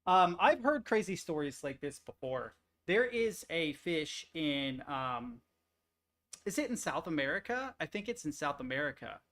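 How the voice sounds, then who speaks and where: A man's voice: fairly high pitch, sing-song, a little slow, a bit bright. Profane, rambling young male streamer. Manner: profane, rambling, easily amused. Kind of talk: casual chat reacting to articles.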